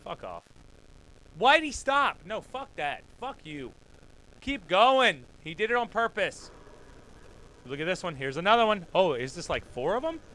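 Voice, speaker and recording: A man hosting his own show, reacting to dash cam videos with loud swearing outbursts and quiet muttered asides. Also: sits high, sing-song, a little slow. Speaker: podcast host.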